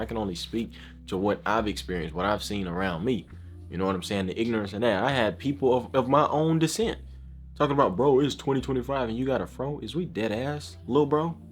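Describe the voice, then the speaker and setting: A man vlogging a casual opinion rant, emphatic and slangy, often saying bro and asking if you know what he's saying. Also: mid-range voice.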